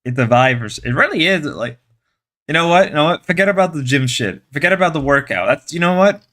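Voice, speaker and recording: Higher-voiced sarcastic male streamer. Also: lively intonation, fairly quick, pushed and bright. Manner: sarcastic, mock-macho joking; rambling, repeats himself, many restarts. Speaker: live streamer reading chat. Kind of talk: casual live-stream chat.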